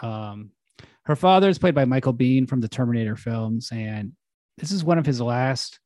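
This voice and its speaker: A man's voice: medium pitch, lively intonation, normal speed, a little mellow, no room sound. Rambling, crude man on a podcast. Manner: rambling, crude, casual with fillers. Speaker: podcast co-host. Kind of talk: casual comedic chat.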